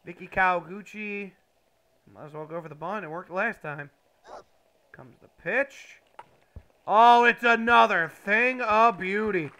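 A high-pitched man with a bright, sharp tone calls baseball video game action as a mock play-by-play announcer. He talks casually but swings into loud bursts of excitement. A faint background hiss sits under his voice. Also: a little slow, long pauses.

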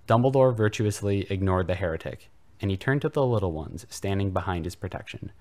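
A man reading a comedic fanfiction aloud for a podcast in a mock-serious deadpan style. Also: deep voice, brisk. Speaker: podcast reader.

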